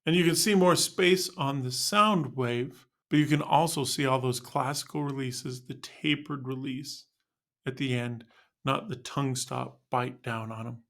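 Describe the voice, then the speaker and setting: A man's voice: mid-range voice, measured pace. A man teaching band students how to end notes, narrating a scripted lesson in an upbeat, explanatory way.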